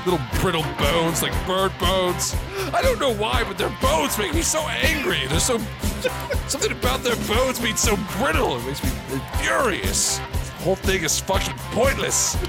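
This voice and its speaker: A man's voice: high-pitched, sing-song, normal speed, over loud music. A man playing a cruel, unhinged Santa Claus in an improvised comedy scene, crude and swearing, breaking into sudden rants. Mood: furious.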